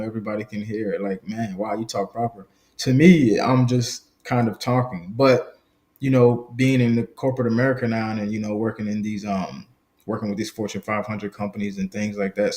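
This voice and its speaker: A man's voice: mid-range voice, darkish tone. A man in his twenties from a small Southern country town, reflecting as an interview guest with many fillers. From small country town in the Gullah Geechee region, US South. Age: 20s. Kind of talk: casual interview conversation.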